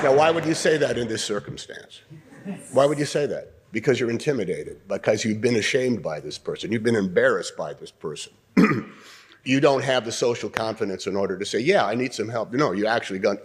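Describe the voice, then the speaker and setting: An older man teaching an acting workshop, coaching students through scenes in an animated way and often clearing his throat. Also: lowish voice, brisk.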